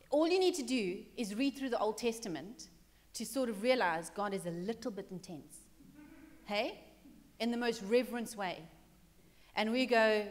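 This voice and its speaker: A woman pastor preaching a sermon, telling the story conversationally and acting out the characters, dropping to a hush and rising again. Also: fairly high pitch, expressive, normal speed, long reverb tail. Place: church hall.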